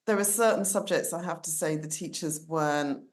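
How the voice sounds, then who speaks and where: Woman, middle-aged, low voice, mixed London-leaning English accent, podcast guest, coach, reflective chatty manner. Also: brisk. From England. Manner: reflective, chatty, laughs easily. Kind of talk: casual podcast conversation.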